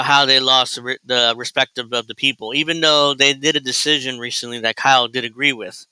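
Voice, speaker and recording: Man, very bright crisp voice, animated, mocking commentary, dry close mic. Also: no echo, low-quality recording. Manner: animated, mocking, mimics people in high voices. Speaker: host reacting to a video. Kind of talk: casual reaction commentary.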